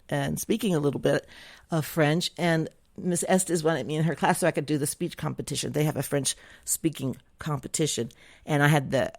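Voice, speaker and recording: A woman's voice: low voice, gravelly, dry recording, clean studio sound. A middle-aged woman from the South, talking casually and bluntly in a rambling monologue. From Southern United States. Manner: opinionated, chatty, rambling with restarts. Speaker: vlogger.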